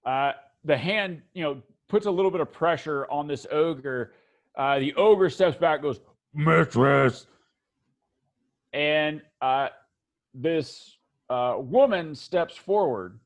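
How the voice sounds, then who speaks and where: Male game master, unhurried and halting, somewhat high pitch. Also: lively intonation. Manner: halting, many fillers and restarts. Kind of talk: narrating a tabletop game.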